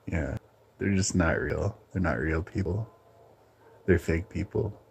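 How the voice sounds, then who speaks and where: A man hosting his own channel, ranting bluntly in a casual, halting monologue. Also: deep voice, gravelly, breathy edge. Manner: blunt, opinionated, halting with restarts. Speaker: channel host.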